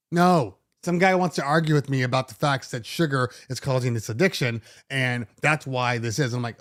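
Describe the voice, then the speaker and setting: A middle-aged man hosting a DJ podcast, talking casually in an animated, sarcastic way with many restarts. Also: mid-range voice, normal speed, few pauses. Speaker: DJ podcast host. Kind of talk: casual monologue.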